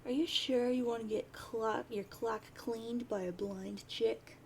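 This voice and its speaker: A woman reading as a teasing blind troll girl, cocky, gravelly edge, read straight from a chat log. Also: fairly high pitch, fairly even intonation, a little slow, a little mellow, a little hiss or hum. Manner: reading chat lines aloud in a near-plain voice.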